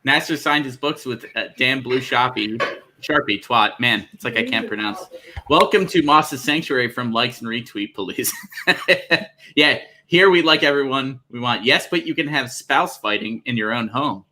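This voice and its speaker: Male stream host, bright voice, teasing banter. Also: medium pitch, moderate pace. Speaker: show host. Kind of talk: casual livestream chat.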